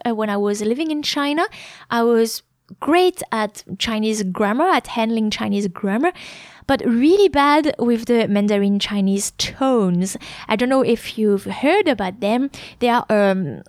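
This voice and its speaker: A woman's voice: fairly high pitch, no room sound, clean studio sound. A woman in her thirties with a French accent, a French teacher explaining her course in a chatty way, often stopping to say sample sounds. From France. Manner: chatty, many fillers, demonstrates sounds.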